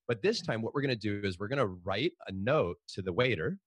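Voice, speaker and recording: A man's voice: fairly low pitch, animated, fairly quick, breathy edge, dry recording. A middle-aged man, a podcast guest and author, telling stories animatedly with frequent restarts. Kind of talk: storytelling in a podcast interview.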